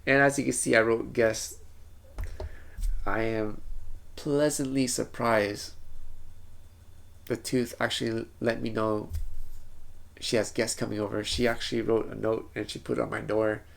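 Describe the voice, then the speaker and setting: A man's voice: mid-range voice, level tone, measured pace, creaky, pauses often. A man telling a rambling, self-correcting story in a casual vlog. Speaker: vlogger.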